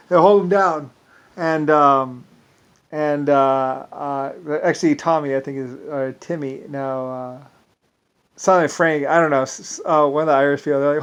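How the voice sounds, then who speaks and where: A man speaks to the camera in a loose, rambling monologue. His voice sits a little high for a man. He keeps restarting sentences and drops into quoted asides along the way. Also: fairly even intonation, normal speed. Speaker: vlogger.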